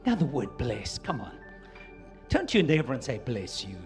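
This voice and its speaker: A man preaching a sermon to his church, swinging from quiet asides to loud emphatic peaks. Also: mid-range voice, huge pitch swings, moderate pace, soft background music. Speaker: pastor.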